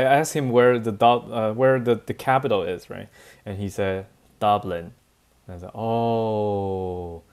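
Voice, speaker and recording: Guy teaching class, lowish voice, tells stories all animated, laughs a lot. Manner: animated storytelling, switching between languages, frequent laughs and fillers. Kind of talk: bilingual classroom lecture with anecdotes.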